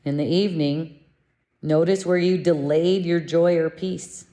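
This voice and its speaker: Woman, low voice, slow soothing delivery, spiritual teacher, meditative lesson. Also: fairly even intonation. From living in Mexico. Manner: gentle, soothing, unhurried.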